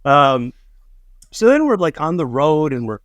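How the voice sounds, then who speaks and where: A middle-aged man co-hosting a podcast, telling animated, profane anecdotes in casual chat and acting out the quotes. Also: on the high side, unhurried, smooth, dry recording. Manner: animated anecdotes, swears freely, acts out quotes. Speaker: podcast co-host.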